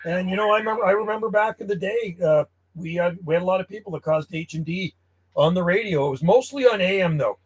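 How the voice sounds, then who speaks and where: Casting: man, high voice, chatty and blunt radio operator calling on the band. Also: fast talker. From Canada. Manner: chatty, blunt, clears throat often. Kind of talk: casual radio chat and calling.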